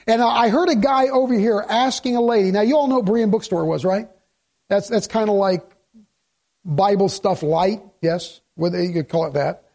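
High-voiced man preaching conversationally. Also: normal speed, darkish tone. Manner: conversational preaching with rhetorical questions and jokes. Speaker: pastor. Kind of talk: sermon.

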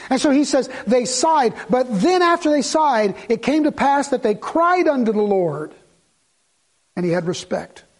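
High-voiced preacher asking rhetorical questions. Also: male voice, animated, a little slow. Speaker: pastor. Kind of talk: sermon.

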